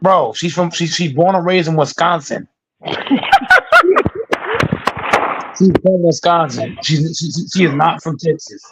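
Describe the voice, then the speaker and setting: A man's voice: on the high side, moderate pace, few pauses, background noise. A man hosting a heated sports debate panel, laid-back and stammering as he talks.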